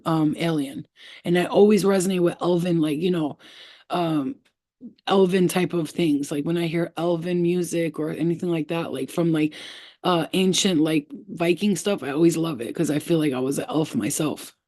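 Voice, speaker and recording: A woman's voice: sits low, mellow. A young woman telling a spiritual story to her phone camera in casual, slangy speech, swearing and laughing often. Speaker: spiritual vlogger.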